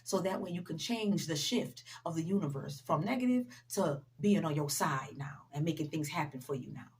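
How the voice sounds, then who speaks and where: A woman's voice: deep voice, animated, moderate pace. A woman giving a casual motivational talk to her viewers, speaking directly to them and repeating key sayings for emphasis. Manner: conversational, addresses viewers directly, frequent "you know". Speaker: motivational vlogger.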